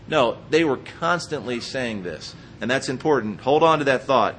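A man preaching a sermon, walking the congregation through Bible passages with lively asides and acted-out quotes. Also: medium pitch, moderate pace, hardly any pauses, a little hiss or hum. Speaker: pastor.

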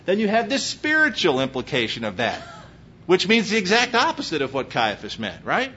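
A man's voice: huge pitch swings, moderate pace, pushed and bright. A man with a slight Texas accent preaching a sermon as pastor, emphatic and full of rhetorical questions. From Pennsylvania. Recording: muffled recording with faint low rumble.

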